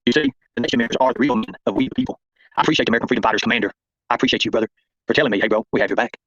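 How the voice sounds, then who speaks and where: A man rattles off a confrontational livestream monologue at a very fast clip. His voice sits at a middling pitch, and the sound is close and dry. The audio is dull and lo-fi. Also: fairly bright tone, breathy edge, dry recording. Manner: confrontational, addresses viewers and chat by name. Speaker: livestream host.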